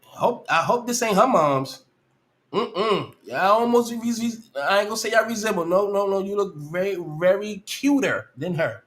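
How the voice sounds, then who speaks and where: A man hosting a live stream and reacting to a clip, trading drawn-out, cursing comments for loud, shocked outbursts. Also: sits high, animated. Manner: drawling, slow comments between outbursts.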